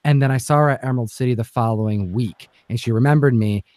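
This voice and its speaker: A man's voice: mid-range voice, fast, a little mellow. A man hosting a casual comic book livestream chat, telling a long story with many fillers and restarts. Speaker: comic book channel host.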